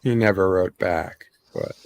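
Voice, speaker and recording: Slow halting man in a casual chat. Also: low-pitched, huge pitch swings, creaky, a little mellow. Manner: slow, halting, with many ums and uhs. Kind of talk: casual chat on a live stream.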